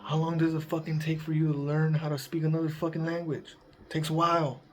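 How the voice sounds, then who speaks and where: A man's voice: on the high side, little pitch movement, fast. A man giving casual, profanity-heavy parenting advice in a rambling, laid-back vlog monologue. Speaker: parenting vlogger.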